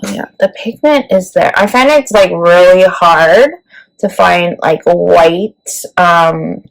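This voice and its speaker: A woman's voice: lowish voice, slow pace, low-quality recording. A woman beauty vlogger talking casually through a makeup tutorial, chatty and full of "like" and "let me tell you". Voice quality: creaky.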